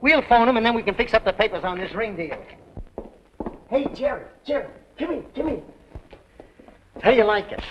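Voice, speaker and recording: A man's voice: sits high, lively intonation, normal speed, long pauses. An actor playing a brash used car dealer with slangy salesman patter, in 1930s film acting. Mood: smooth-selling. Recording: dull old film soundtrack with faint hiss.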